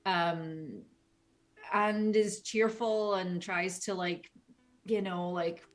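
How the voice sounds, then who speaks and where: A woman's voice: fairly low pitch, fairly even intonation, very slow, soft background music. A chatty woman from the United States talks about her game role. She rambles freely and keeps a casual, talkative flow. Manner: chatty, rambling, slips into quoted voices. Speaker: game voice actor. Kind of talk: casual video chat.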